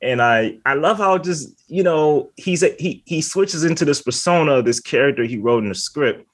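His voice sits on the high side, expressive and a little breathy, at a normal speed. He's a podcast co-host in a casual conversation, drifting off on tangents, saying "like" constantly, and laughing often.

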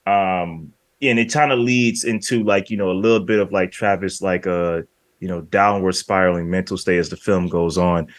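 Low-voiced man chatting about movies. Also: steady tone, normal speed, no room sound, studio quality. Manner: rambling, acts out movie lines in quoted voices. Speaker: podcast co-host. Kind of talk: casual film discussion.

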